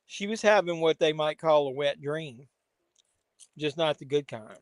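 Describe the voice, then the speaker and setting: A man's voice: fairly high pitch, unhurried, dry recording. A man hosting a casual live watch-along, making wry, joking asides as the film plays. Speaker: host.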